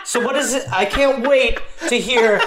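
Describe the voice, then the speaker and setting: A man's voice: extremely high pitch, normal speed, roomy sound, heavy background noise. A man co-hosting a comedy podcast, riffing with incredulous, profane jokes and laughing often. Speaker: podcast co-host.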